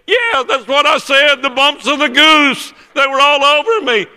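An older man in broken English, pitched high and talking fast with breathless urgency, as a preacher puts him on. His voice rings out bright and loud and trails off into the long echo of a big church hall. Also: expressive. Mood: awed, tearful.

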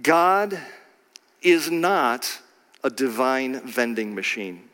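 A man preaching a sermon, swinging from quiet low passages to slow, emphatic phrases and sudden loud cries. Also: animated. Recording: long hall reverb.

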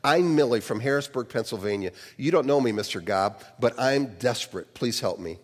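A man's voice: medium pitch, expressive, normal speed, big-room sound, natural voice. A man voicing a desperate, tearful woman caller. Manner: pleading and shaken.

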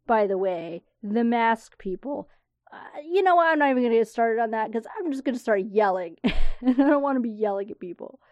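A woman's voice: on the high side, no echo. A woman hosts a solo podcast in a candid, rambling voice, with blunt asides and the odd swear. The recording is dry and slightly dull, with little room sound. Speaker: podcast host. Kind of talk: casual solo podcast talk.

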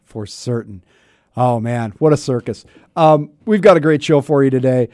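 A man's voice: mid-range voice, normal speed, mellow, no echo. Man in his fifties, talk radio host, wry chatty delivery, slightly scratchy throat, dry studio sound. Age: 50s. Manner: chatty, self-interrupting, wry. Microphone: studio microphone.

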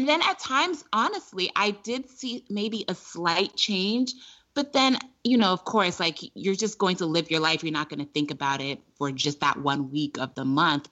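A woman's voice: fairly low pitch, pushed and bright. A woman co-hosting a podcast, chatty and heartfelt, with many "like" fillers. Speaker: podcast co-host. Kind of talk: casual podcast conversation. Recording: slightly dull, muffled podcast audio.

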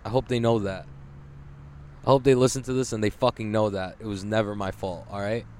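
A man's voice: lowish voice, fairly even intonation, fairly quick, a little mellow. A swearing young guy doing a podcast while stuck in traffic, rambly and jokey, road noise from the car in the background. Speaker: podcast host. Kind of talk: casual solo podcast while driving. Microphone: large podcast microphone with headphones.

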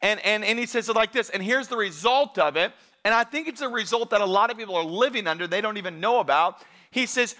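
Preaching to his church, this pastor speaks fast and animatedly in a high, bright, clear voice with a forward tone. His sermon feels conversational and relaxed, and he presses hard on the scripture he cites.

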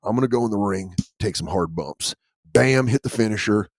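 A man putting on a low, gruff, conspiratorial old male wrestler. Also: fairly quick, no room sound. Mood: scheming.

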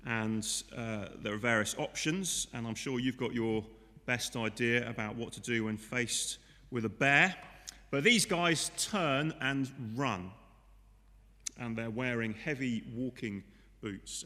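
A man's voice: mid-range voice, expressive, a little slow, pushed and bright, in a large hall. A man preaching a sermon in a conversational way, often asking his listeners rhetorical questions. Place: church.

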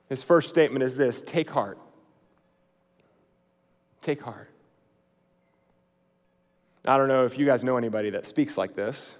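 A man preaching a sermon in a conversational way, swinging between emphatic lines and quiet, slow, hushed ones. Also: on the high side, in a large hall. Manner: conversational, with fillers and restarts.

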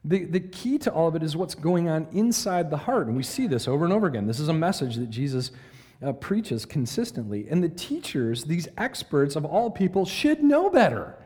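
A man's voice: a little high, a little fast. A man giving a conversational Bible lesson, checking in with his listeners and reading verses with drama. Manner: animated, asks listeners questions, reads verses dramatically. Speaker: Bible teacher. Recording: long hall reverb.

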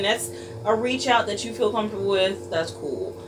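A woman's voice: mid-range voice, moderate pace. Playful woman guest, distant and hissy. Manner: playful, self-deprecating, animated. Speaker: podcast guest. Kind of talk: casual podcast chat. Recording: distant mic with hiss.

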